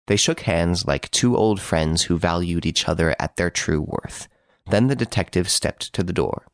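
A man narrating a classic story as an audiobook reader, measured and storytelling. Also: deep voice, lively intonation, creaky, dry recording, clean studio sound. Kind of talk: scripted narration.

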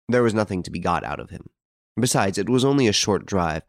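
A man narrating a classic novel as a scripted audiobook, in a measured, even storytelling manner. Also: fairly low pitch, no room sound, clean studio sound.

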